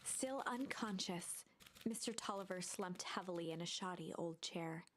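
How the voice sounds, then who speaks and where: A woman narrating a story game in a hushed, suspenseful voice that often drops to a half-whisper. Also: lowish voice, moderate pace, slight background noise. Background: game music.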